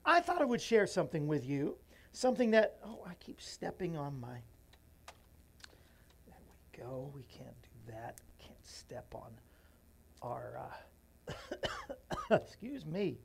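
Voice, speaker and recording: A man's voice: sits high, a little hiss or hum. A man hosting a morning show from a small bookstore studio, chatting casually and rambling to viewers. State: out of breath. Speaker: host.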